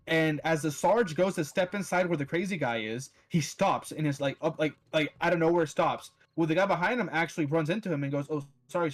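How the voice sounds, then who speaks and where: A man with a slightly raised voice telling a story off the cuff. He rambles, restarts his sentences and swears freely. His talk is casual and full of filler words. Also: on the high side. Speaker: podcast host.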